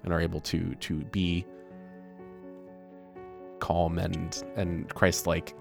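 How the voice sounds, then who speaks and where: A man co-hosting a casual podcast as a pastor, talking slowly and thoughtfully with halting pauses. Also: sits low, monotone, creaky, soft background music.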